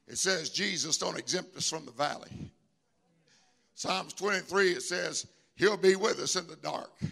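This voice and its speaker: A man preaching in a church with a high, gravelly voice. His tone is bright and cutting, and he hammers phrases again and again. He climbs from low, intimate talk to emphatic shouts. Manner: emphatic and repetitive, swelling into shouts. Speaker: bishop and pastor. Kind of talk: live church sermon. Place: church sanctuary with congregation.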